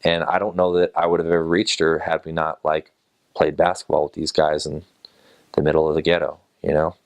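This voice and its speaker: A man, a former missionary, recalling a personal story in a relaxed, unhurried way with frequent fillers. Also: very deep voice, gravelly. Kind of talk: personal anecdote told to camera.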